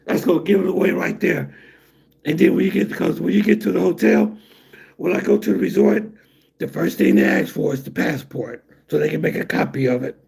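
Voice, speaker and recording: A man's voice: high-pitched, gravelly, a little mellow, husky. A man talking casually on a live stream in a rambling, conversational way, reacting to viewer comments. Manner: rambling, conversational, drawn-out asides. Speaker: vlogger reading chat comments.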